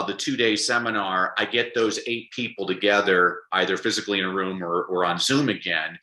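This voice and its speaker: A man speaking as an interview guest, an animated storyteller who acts out quotes. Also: lowish voice, reverberant, poor audio. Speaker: guest, public speaker and coach. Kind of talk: conversational interview.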